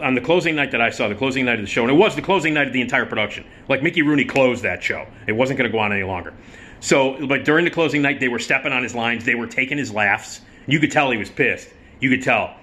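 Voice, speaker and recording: A middle-aged man telling a theater anecdote in a casual, profane, animated style. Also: mid-range voice, fast talker. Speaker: vlogger and storyteller.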